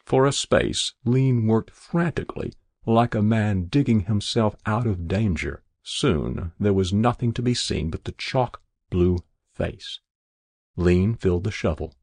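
A man reading a story aloud as narrator, in a measured, dramatic storytelling manner. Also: lowish voice, darkish tone, no room sound.

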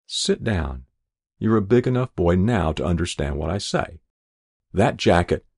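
A man voicing a tired, bewildered small-town mother who speaks to her son in a fretful, then gentle way. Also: mid-range voice, very animated, takes it slowly, breathy edge, pitched above the performer's own voice, heavily acted.

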